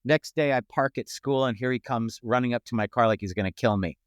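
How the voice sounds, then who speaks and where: A middle-aged man, a comedian guest on a podcast, telling lively anecdotes and acting out what people said. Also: medium pitch, a little fast, smooth, dry recording. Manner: animated anecdotes, acts out quoted voices. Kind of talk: casual storytelling chat. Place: podcast studio.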